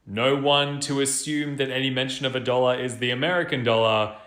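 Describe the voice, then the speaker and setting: A man's voice: medium pitch, fairly even intonation, a little fast, a bit bright, reverberant. A man with an Australian accent giving wry, matter-of-fact commentary. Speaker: content creator. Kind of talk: casual vlog commentary.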